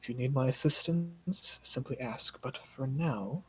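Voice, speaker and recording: A man voicing a composed, regal female monarch in a calm, measured way. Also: medium pitch, a little hiss or hum, close to an everyday voice. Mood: calm, assured.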